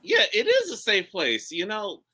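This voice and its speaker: This man has a high voice and speaks at a moderate pace. Hosting a podcast from a recording studio, he's animated, swears a lot, and spins jokey stories in loose, casual conversation.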